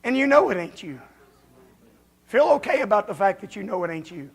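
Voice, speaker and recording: A man preaching a folksy, confrontational revival sermon as a visiting preacher in a church, building up to shouting. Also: high-pitched, sing-song, fairly quick, creaky. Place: church during a revival service.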